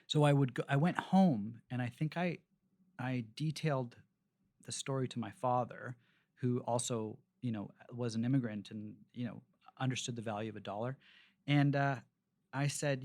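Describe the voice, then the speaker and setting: Gravelly-voiced man telling rambling stories. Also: medium pitch, moderate pace. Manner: rambling, animated anecdotes with frequent fillers and restarts. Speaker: restaurateur, podcast guest. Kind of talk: casual storytelling interview.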